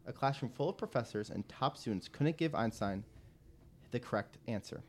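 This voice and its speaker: A man's voice: medium pitch, expressive, normal speed, darkish tone. A man co-hosting a casual podcast, telling a trivia story with frequent laughs and restarts. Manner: laughs often, stumbles and restarts. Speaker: podcast co-host.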